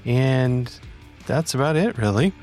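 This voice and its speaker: A man's voice: mid-range voice, animated, a little slow, darkish tone. A man hosting a podcast and interviewing a guest, sounding upbeat and eager. His voice rises and falls a lot as he talks, and faint music plays behind him at the start. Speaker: podcast host.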